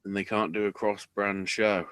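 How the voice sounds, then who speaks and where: A man co-hosting a podcast in casual chat, swearing often and bursting into excited outbursts. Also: fairly low pitch, normal speed, clear, resonant tone, no room sound. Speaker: podcast co-host.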